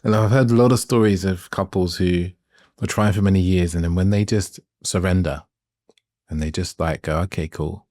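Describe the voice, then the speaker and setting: A man's voice: sits low, steady tone, normal speed, a little mellow, no echo, studio quality. A man hosting an interview podcast, sharing his own thoughts in a reflective, casual way. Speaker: podcast host.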